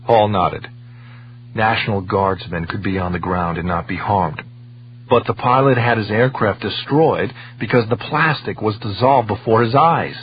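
A man narrating a novel in a measured, steady storytelling voice, on a dull lo-fi recording with a faint hum. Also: fairly low pitch. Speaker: audiobook narrator. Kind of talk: scripted narration.

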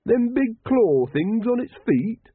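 A man voicing a dour, blunt working-class cult member in a raised, gruff voice. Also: sing-song, slow, dry recording, heavily acted. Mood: grumbling. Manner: gruff, blunt, higher than the reader's own voice. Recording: dry, tinny, phone-like sound.

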